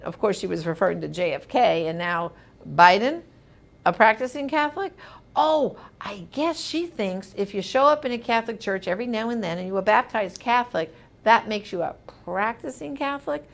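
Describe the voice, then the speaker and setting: A woman's voice: mid-range voice, lively intonation, moderate pace. Emphatic chatty woman hosting a Q&A. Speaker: host answering viewer comments. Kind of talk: live question-and-answer chat.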